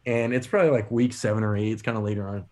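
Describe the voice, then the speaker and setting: A man co-hosting a podcast, telling funny stories in an animated way, laughing often. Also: lowish voice, racing. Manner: animated, laughing, lots of fillers. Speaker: podcast co-host. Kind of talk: casual storytelling.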